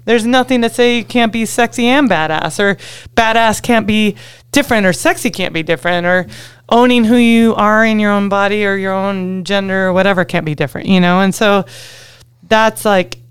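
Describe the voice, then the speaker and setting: A woman's voice: medium pitch, normal speed, smooth, dry recording. A woman, a ski guide chatting casually and with energy, saying "like" often. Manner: animated, says "like" often, upbeat. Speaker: ski guide and avalanche instructor. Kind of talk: casual podcast chat.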